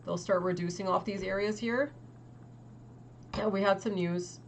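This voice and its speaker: A young woman hosting a trading livestream, talking casually and quickly to her chat with lots of "like" and exasperated asides. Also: medium pitch, steady tone, gravelly, a little hiss or hum. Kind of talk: casual market commentary to chat.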